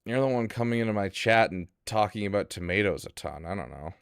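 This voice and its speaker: A man streaming a game, chatting casually with his viewers in a bemused, teasing way and getting loudly exasperated at the gameplay. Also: lowish voice, expressive, fast, gravelly, clean tone, no room sound, studio quality. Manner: bemused banter with chat, rising to loud exasperation. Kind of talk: casual live-stream commentary.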